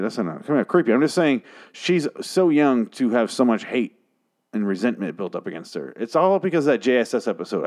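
A man's voice: lowish voice, a little mellow. A man giving a casual, sarcastic and profane recap of a TV episode, rambling with frequent restarts. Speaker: show host recapping a TV episode.

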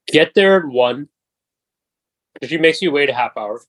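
A man in his twenties telling a profane, animated story as a podcast host in casual chat. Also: on the high side, unhurried, pauses often, no room sound, low-quality recording. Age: 20s.

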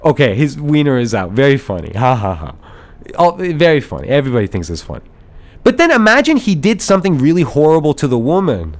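Male podcast host, casual rambling storyteller, slightly high voice with very lively pitch, mimics others. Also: fast. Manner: animated, rambling storyteller who acts out voices and laughs often.

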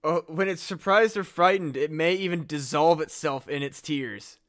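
A man's voice: fairly high pitch, normal speed, a bit bright. A man co-hosting a comedy podcast, chatting casually, swearing a lot and laughing at his own jokes. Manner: profane, joking, laughs often. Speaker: podcast co-host. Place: Midwest US.

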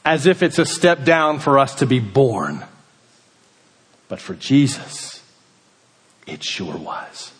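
Slow, deliberate male preacher. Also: mid-range voice, sing-song, in a large hall. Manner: measured preaching, rising for emphasis then dropping to a hush. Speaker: pastor. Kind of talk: sermon.

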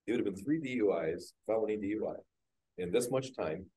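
A man, a guest business owner, frankly telling his own story on a podcast panel at a live event, getting animated when he acts out scenes. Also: fairly low pitch, brisk, husky, low-quality recording. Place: live industry training event.

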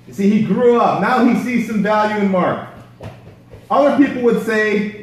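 High-voiced preacher in an echoey hall. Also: male voice, normal speed, distant mic. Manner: casual slangy storytelling. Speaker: pastor. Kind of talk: sermon.

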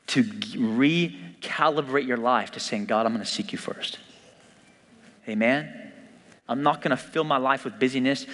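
A man preaching a sermon as pastor, conversational and animated, joking with his congregation. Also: medium pitch. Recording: long church hall reverb.

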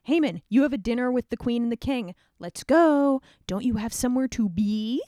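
A woman's voice: a little high, lively intonation, normal speed, dark tone, no room sound, studio quality, natural voice. A woman voicing brusque palace servants hurrying a guest along, in a casual retelling. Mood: impatient.

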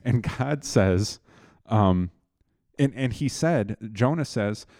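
A man's voice: lowish voice, expressive, slow pace, darkish tone, no room sound, clean studio sound. A man casually retelling a Bible story to a co-host, loose and conversational, with fillers and restarts.

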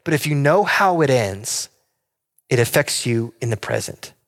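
A man's voice: medium pitch, animated, measured pace. A man preaching a sermon as a pastor, earnest and pleading, asking the congregation rhetorical questions. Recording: long hall reverb.

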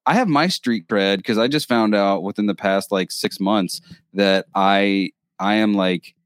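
A man's voice: fairly low pitch, measured pace, no echo, clean studio sound. An Italian-American man in casual film chat, wry and laughing often.

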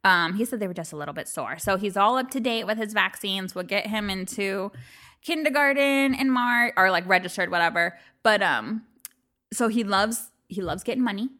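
A woman's voice: medium pitch, moderate pace, pushed and bright. A woman co-hosting a podcast, telling a family story in casual chat, acting out quotes and laughing often. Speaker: podcast co-host.

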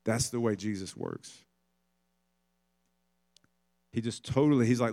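A man delivering a sermon at a middle pitch. He talks casually, like he is telling a story. He sometimes acts out the voices of the people he describes. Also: expressive, measured pace, gravelly, pauses often, a little mellow. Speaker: pastor.

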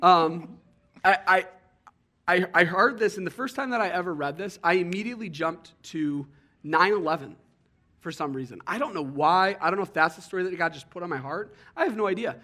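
A young adult man preaching a sermon in an earnest, conversational way, sometimes halting over his words. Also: high voice, lively intonation, sharp tone. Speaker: pastor.

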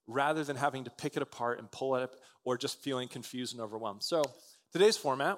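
A man preaching a sermon in a conversational way, with frequent restarts and quick "right?" asides. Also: medium pitch. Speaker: pastor.

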